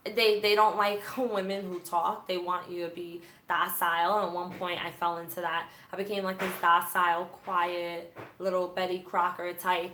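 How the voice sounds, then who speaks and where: A woman hosting a livestream, chatting candidly about her past in a church group and reading viewer comments aloud, with a sarcastic, animated way of telling stories. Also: fairly low pitch, normal speed, few pauses, roomy sound, slight background noise.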